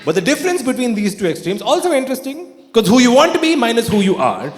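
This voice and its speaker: Deadpan stand-up comedian in an echoey hall. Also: male voice, very high voice, quick pace. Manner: dry, deadpan delivery with sudden outbursts and mocking put-on quotes. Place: theatre stage before a laughing audience. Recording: echoey live hall with audience. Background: audience laughter.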